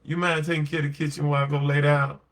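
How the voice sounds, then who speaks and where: A man's voice: fairly high pitch, little pitch movement, racing, fairly bright tone. A man voicing a tired, coaxing woman. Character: tired woman asking her partner kindly.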